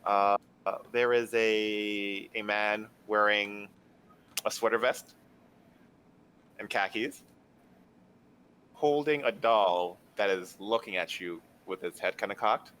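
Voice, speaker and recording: A man's voice: fairly low pitch, slow, long pauses, a bit bright, a little hiss or hum. A man narrating a tabletop game as game master, describing scenes casually with lots of fillers.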